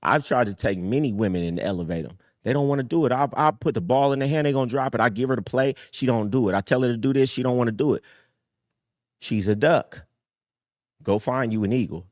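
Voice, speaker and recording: A man's voice: fairly quick, dry recording. Streetwise man preaching hard on a dry mic. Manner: streetwise, preachy, swings from low mutters to high emphatic bursts. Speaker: host. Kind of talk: casual livestream talk.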